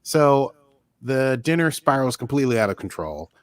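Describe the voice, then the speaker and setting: A man co-hosting a podcast, recapping an episode in a chatty, joking way with sudden jumps in pitch. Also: big pitch swings, moderate pace. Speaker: podcast co-host.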